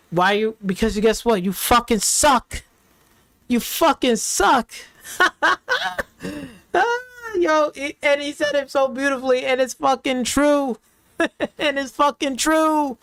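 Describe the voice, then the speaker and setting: A man's voice: sits high, fairly bright tone, smooth, no room sound. A man ranting in heated, profane slang as a reaction streamer, repeating himself and trash-talking rivals.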